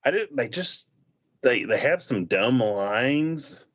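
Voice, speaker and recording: A man's voice: mid-range voice, lively intonation, takes it slowly, a bit bright. A man chatting casually in a film review, retelling scenes and acting out the characters' lines. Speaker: movie reviewer. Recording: dull lo-fi sound.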